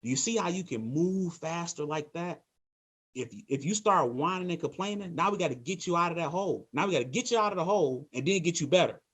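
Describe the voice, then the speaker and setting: Male team leader, motivational training talk, energetic, repetitive coaching delivery. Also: on the high side, fairly quick, breathy edge. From Michigan, USA.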